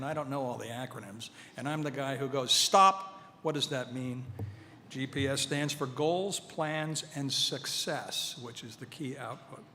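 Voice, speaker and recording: A man's voice: mid-range voice, fairly bright tone, slight background noise. Earnest man giving a speech in a reverberant hall. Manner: measured, earnest, with light humor. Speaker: speaker at a veterans' event. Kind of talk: formal speech to an audience. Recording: hall reverb, faint ambience.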